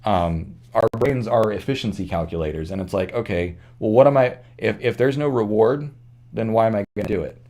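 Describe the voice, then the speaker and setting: This man's voice sits fairly low and moves briskly, with a touch of mellowness. Hosting his own channel, he thinks aloud in earnest, reflective commentary that's unscripted, frequently backing up to fix what he just said.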